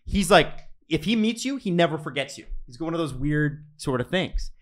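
A man in his thirties, co-hosting a casual podcast chat and telling animated stories with frequent laughs. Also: on the high side, a little fast. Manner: animated storyteller, laughs often. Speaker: podcast co-host.

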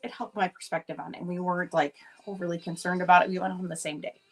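A woman in her thirties hosting a live jewelry sale, rambling through family stories with many fillers and acting out her kids' lines in a higher voice. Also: flat delivery, fast talker, soft background music, low-quality recording. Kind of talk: casual chatty live selling.

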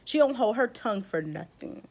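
A woman's voice: fairly high pitch, expressive, moderate pace. A woman beauty vlogger giving a blunt, emotional rant in casual slang, close to tears. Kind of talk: heated vlog rant.

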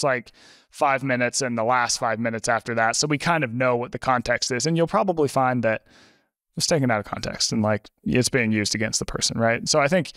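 A man in a conversational podcast interview, a lively storyteller who talks with plenty of fillers. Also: medium pitch, dry recording, clean studio sound. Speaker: podcast guest, author.

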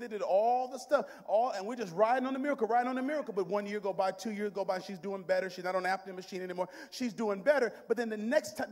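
A man with a high, ringing voice preaches a dynamic sermon, surging to shouts and then dropping to hushed near-whispers as he works the congregation. Long reverb rolls through the church sanctuary around him. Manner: talks directly to the congregation in call-and-response. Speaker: pastor.

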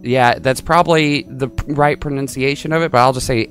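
A man's voice: mid-range voice, fairly even intonation, moderate pace, fairly bright tone, soft background music. A man hosting a reaction video, chatting casually and jokingly over clips, stammering now and then. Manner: joking, stammers, begs viewers to subscribe.

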